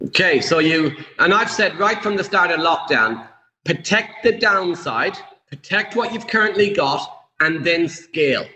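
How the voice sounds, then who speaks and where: A man hosting an interview, asking brisk questions with a teasing edge. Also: a little high, lively intonation, pushed and bright, reverberant, big-room sound, low-quality recording. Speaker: podcast host. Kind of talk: casual interview.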